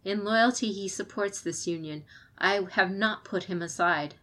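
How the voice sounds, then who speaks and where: A woman voicing a stern, weary but resolute female clan champion, speaking in a measured, firm way in an audiobook. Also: medium pitch, fairly bright tone, lightly acted.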